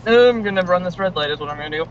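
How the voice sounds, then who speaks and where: A man's voice: high voice, lively intonation, rapid-fire. A man chatting on a voice call while driving, talkative and joking, laughing often and swearing casually. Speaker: friend on a call. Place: in a car. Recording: muffled call audio with road noise.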